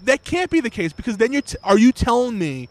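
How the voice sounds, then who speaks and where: Brief: high-voiced man, very lively pitch, rambling casual co-host, swears. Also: fairly quick, no room sound. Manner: animated, rambling, swears, laughs loudly. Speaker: podcast co-host. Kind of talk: casual chat. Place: New York City.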